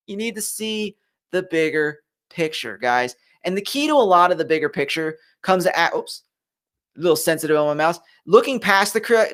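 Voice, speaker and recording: A man's voice: high-pitched, a bit bright. A man hosting a motivational live stream, talking animatedly to viewers at his computer and repeating his key phrases.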